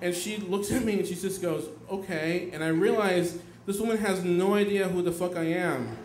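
A young man telling a personal story on stage, animated, swearing and acting out his own outbursts. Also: sits high, normal speed, background noise. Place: theater stage. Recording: echoey stage with faint audience ambience.

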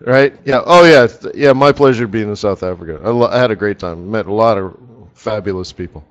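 On a muffled recording, a man with a lowish voice talks a little fast. As the forex strategist leading a live trading stream, he keeps the chat casual, telling meandering stories and laughing at his own humor.

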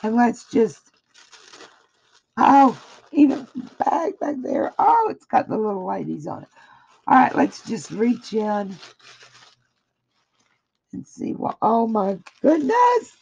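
A woman speaks slowly in a dark, gravelly, husky voice, pouring out effusive praise as she unboxes a gift. Her throat sounds a little dry. The recording is dull and lo-fi. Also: a little high, wildly swooping pitch. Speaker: craft vlogger opening happy mail. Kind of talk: casual unboxing chat. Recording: dull lo-fi audio.

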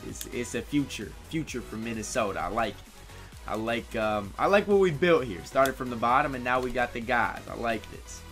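Man, gaming commentator, hypes his plays and coaches the players on screen, soft music underneath. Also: medium pitch, normal speed. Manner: excitable, talks to players on screen. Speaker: gaming YouTuber. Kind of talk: live gameplay commentary.

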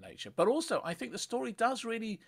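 A man co-hosting a casual talk on a Bible passage, reflective and often filling pauses with "um" and "yeah". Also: very high-pitched, lively intonation, gravelly. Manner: reflective, with fillers and agreeing interjections. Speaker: podcast co-host.

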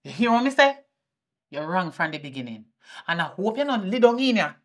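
A woman with a Jamaican accent playing a fierce mother who scolds her daughter, swinging between shouting and muttering. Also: fairly low pitch, very animated, brisk. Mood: scolding. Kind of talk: indie film acting.

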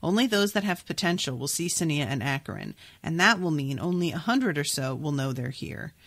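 A cautious male magician leader laying out a plan, read by a woman in her own low voice. The delivery is plain and measured. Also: animated, a bit bright, dry recording, clean studio sound, heavily acted.

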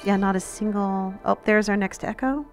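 A woman's voice: mid-range voice, normal speed, faint music behind. A woman hosting a gaming channel, chatting straight to her viewers in casual game commentary.

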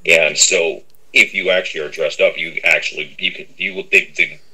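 Middle-aged male interview guest, very low pitch, bright tone, rambling and casual with lots of fillers. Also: steady tone, moderate pace, slightly rough, rough recording. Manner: rambling, with many fillers and a habit of repeating "on that end".

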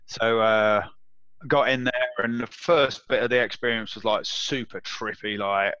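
A man being interviewed, telling a personal story in a casual, animated way and acting out the voices of others. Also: fairly low pitch, a little slow, clean tone, no room sound. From England. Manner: animated, acts out quoted voices, swears and laughs. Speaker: interview guest. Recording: dull, dry audio.

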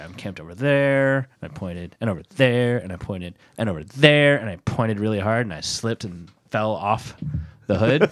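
A man's voice: mid-range voice, a bit bright, dry recording. A man telling a rambling story on a podcast, laughing often and swearing as he talks. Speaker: guest storyteller.

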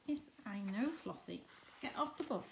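A woman teacher reading a picture book aloud for story time, expressive and stopping to ask the children questions. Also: medium pitch, normal speed, creaky, noisy background.

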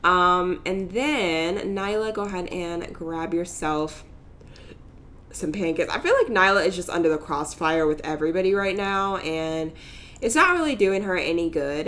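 A woman's voice: on the low side, fairly bright tone. A young woman casually commentating a life-simulation game as host, chatty and giggly, narrating her characters' drama. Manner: chatty, giggly, voices characters in quick asides. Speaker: let's play host.

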